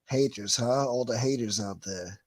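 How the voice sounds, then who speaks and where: Guy on a stream reading chat out loud, swears a lot, rambles, dry close sound. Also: medium pitch, moderate pace, no room sound. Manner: profane, rambling, wisecracking, calls people boy. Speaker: livestream host reading chat. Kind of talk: casual chat.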